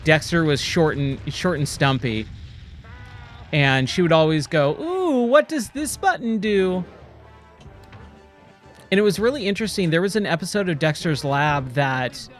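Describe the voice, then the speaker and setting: A man in his forties talks through a game stream in a slightly raised voice. He rambles casually, gets excited easily and keeps calling the listener "dude." Faint game music sits behind him. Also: fairly high pitch, moderate pace. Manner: rambling, nostalgic, excitable, says "dude" a lot. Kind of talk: casual gameplay commentary. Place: home, playing a VR game.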